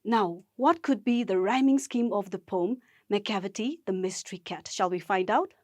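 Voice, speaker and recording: A woman teacher from Nagaland, India, leading a gamified poetry lesson for school students in a slow, encouraging way. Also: medium pitch, a little mellow, no room sound, studio quality. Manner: encouraging, speaks slowly and deliberately to learners.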